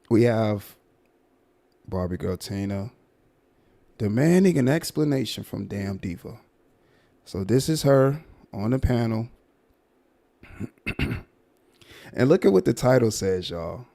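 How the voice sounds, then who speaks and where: A man hosting a casual livestream commentary, talking to his viewers in a drawn-out, repetitive, emphatic way. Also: lowish voice, creaky, a little mellow.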